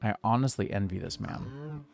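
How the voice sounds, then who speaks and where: A man's voice: fairly low pitch, animated, moderate pace, vocal fry, a little mellow, soft background music. A man streaming a building game, rambling casually and now and then snapping in exasperation at the game. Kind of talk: casual gameplay commentary.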